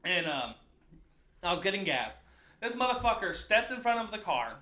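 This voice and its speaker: A young man from the Midwest with a high voice, co-hosting a crude comedy podcast. His tone is very bright and sharp. He tells rambling, profane stories and acts out the people in them. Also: very animated, moderate pace, roomy sound. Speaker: podcast co-host. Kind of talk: casual comedic storytelling.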